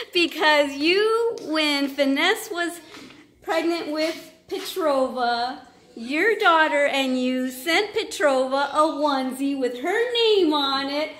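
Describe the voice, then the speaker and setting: A woman's voice: high-pitched, fairly bright tone. A woman vlogging at home on a handheld camera, chatting in a bubbly, cheering way and cooing to a baby. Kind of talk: casual vlog chat.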